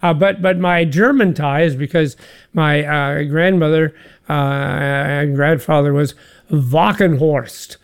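A man's voice: a little high, steady tone, takes it slowly, gravelly, smooth. A man co-hosting a casual religious talk show, chatting in a folksy, joking way and laughing easily. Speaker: podcast co-host. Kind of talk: casual chat.

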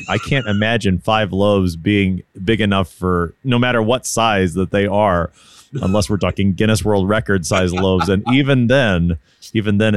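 A man co-hosting a casual Bible discussion, thinking aloud with frequent restarts. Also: on the low side. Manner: thoughtful, hesitant, with many restarts and light laughs.

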